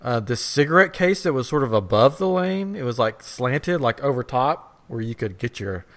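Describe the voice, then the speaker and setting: Man, podcast host, casual chat, rambling anecdote, chuckling, mid-pitched voice. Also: expressive, normal speed. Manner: rambling, laughs through his story.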